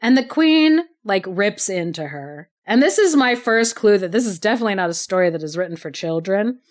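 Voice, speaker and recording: Expressive and fairly quick, a woman at medium pitch shares a story while co-hosting a podcast. Her telling is casual and talkative, peppered with "like" and frequent laughter.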